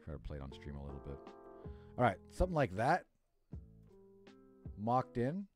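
A man's voice: fairly low pitch, wildly swooping pitch, moderate pace, darkish tone, faint music behind. A man livestreaming on a headset, thinking aloud as he works and swearing freely. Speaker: streamer. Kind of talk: casual livestream chat while working.

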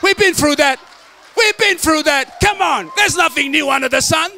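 A middle-aged pastor preaches in an unusually high voice. His tone is bright and forceful. He jokes with the congregation, then drives his points home with emphatic shouts. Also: normal speed, vocal fry, slight background noise. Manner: emphatic, joking, preaching to the men. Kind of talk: sermon.

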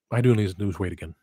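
Husky guy rambling on his livestream, dry close sound, keeps going off on tangents. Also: lowish voice, dry recording. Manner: rambling, digressive, self-deprecating. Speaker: livestream host. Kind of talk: casual livestream chat.

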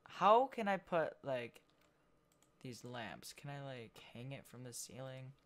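A gameplay video host giving casual commentary while building, thinking out loud and trailing off mid-sentence. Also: mid-range voice, big pitch swings, slow.

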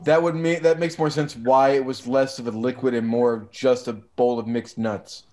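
A man on a comedy panel speaking hesitantly, with many fillers and absurd deadpan jokes. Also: mid-range voice, moderate pace. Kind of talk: improvised comedy chat.

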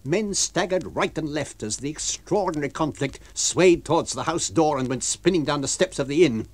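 Man reading a book on the radio, really animated pitch, kinda husky voice. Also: moderate pace, no room sound. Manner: expressive, varied storytelling delivery. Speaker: reader.

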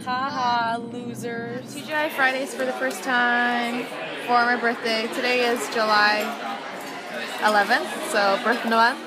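A young woman in her twenties chatting excitedly on a handheld camera vlog, often laughing. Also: a little high, measured pace. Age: 20s. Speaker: vlogger. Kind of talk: casual vlog chat. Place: outdoor fireworks show, then restaurant. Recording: noisy phone video with loud crowd.

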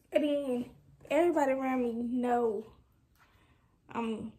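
Young woman, high voice, casual vlog, frustrated, rambling venting. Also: takes it slowly, dark tone. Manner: frustrated, candid, rambling with restarts. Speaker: vlogger.

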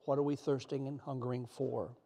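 A man's voice: medium pitch, flat delivery, brisk, mellow. A middle-aged man preaching a sermon in an earnest, emotional way, sometimes close to tears.

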